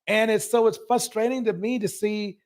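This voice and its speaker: A man's voice: high voice, steady tone, normal speed. A man hosting a live show, commenting emphatically and ranting about what he has just watched. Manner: emphatic, ranting, repeats himself.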